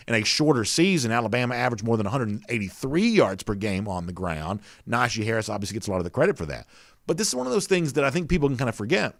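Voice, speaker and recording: A man's voice: mid-range voice, a bit bright, no echo, clean studio sound. A man hosting a casual sports talk show, chatting loosely with plenty of "you know" fillers and reading out viewer comments.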